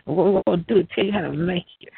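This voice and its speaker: A man with a raspy, gravelly voice, rambling and swearing in a loose monologue. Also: high voice, very fast, dry recording. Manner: profane, rambling, laughs often. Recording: tinny phone-like line, dry.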